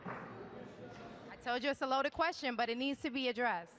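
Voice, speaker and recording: A woman's voice: sits high, unhurried, a bit bright, a little hiss or hum. A woman reporter asking a pointed question politely and directly in a press room. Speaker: entertainment reporter.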